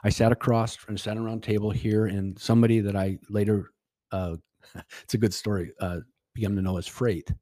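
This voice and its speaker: A man's voice: on the low side, flat delivery, brisk, dark tone, no room sound, clean studio sound. A middle-aged man telling a personal story as a podcast guest, rambling with restarts and quoted dialogue. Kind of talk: casual storytelling.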